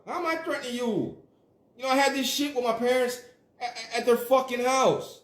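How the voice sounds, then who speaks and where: Guy with a high voice going off on a livestream, swearing a lot, roomy echo. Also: moderate pace. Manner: profane, emphatic ranting. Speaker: livestream host. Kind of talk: casual livestream rant.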